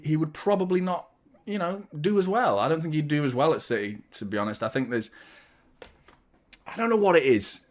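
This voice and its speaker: Young guy, casual watchalong host, rambling and jokey, mid-range voice. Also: mid-range voice. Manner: rambling, jokey, reads out viewer shout-outs. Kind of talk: casual live-stream chat.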